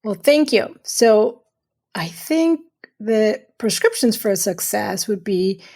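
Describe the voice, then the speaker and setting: Her voice is medium-pitched, animated and mellow, and she talks slowly. She is a middle-aged surgeon, the guest urologist on a podcast interview, speaking earnestly and emphatically with frequent repeated phrases for weight.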